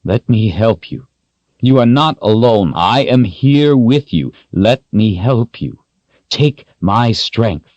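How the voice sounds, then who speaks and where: A man's voice: on the high side, dry recording, dull audio, voice pushed up. A male narrator voicing a young man who pleads urgently, raising his voice above the narration. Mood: calm. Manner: urgent pleading shifting to calm, slow reassurance. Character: young man, desperate then calm and steadying.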